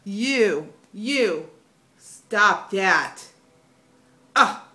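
A woman's voice: mid-range voice, expressive, very slow, bright, forceful tone. A woman filming her pet squirrel, talking to it in playful scolding baby talk. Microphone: handheld camera.

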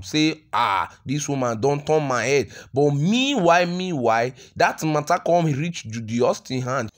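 A man with a Nigerian accent giving animated celebrity gossip commentary, repeating himself and calling out to his viewers. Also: fairly high pitch. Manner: animated, repetitive, addresses viewers as "my country people".

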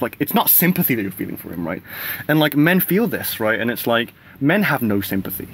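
A man's voice: medium pitch, big pitch swings, normal speed, a little hiss or hum. A man in his thirties talking casually to camera, rambling with constant "like" and "right?" fillers and the odd swear word. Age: 30s. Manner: swears casually, laughs between thoughts. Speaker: vlogger.

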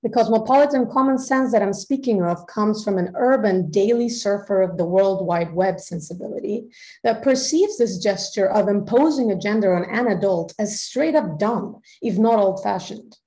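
A woman's voice: mid-range voice, mellow, low-quality recording. A woman from Peru, reading a prepared academic lecture carefully over a video call. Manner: measured, careful delivery of written text. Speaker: academic presenter.

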